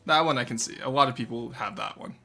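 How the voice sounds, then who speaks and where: A live streamer chatting casually with chat, excitable, swearing freely and breaking into loud laughing fits. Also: medium pitch, quick pace, gravelly, faint music behind.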